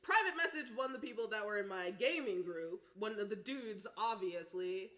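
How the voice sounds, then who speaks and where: A woman co-hosting a podcast, telling stories in a casual, animated way with lots of laughter and swearing. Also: medium pitch, moderate pace. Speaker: podcast co-host.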